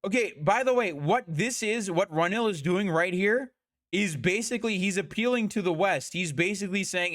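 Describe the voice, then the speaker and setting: A man streaming a heated reaction, talking fast and repeating himself. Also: high voice, fairly bright tone, dry recording, studio quality.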